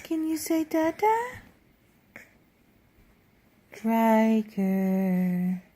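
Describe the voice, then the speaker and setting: A woman's voice: on the high side, very animated, very slow, warm tone. A woman filming her baby at home, coaxing him in sing-song baby talk. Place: at home indoors.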